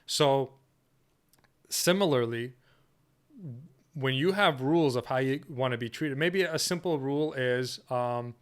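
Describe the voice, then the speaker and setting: A man leads a workshop lesson with a smooth, clear voice at a middling pitch. He speaks firmly and assertively and keeps checking in with "okay?" and "right?" as he goes. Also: measured pace, long pauses. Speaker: dating coach.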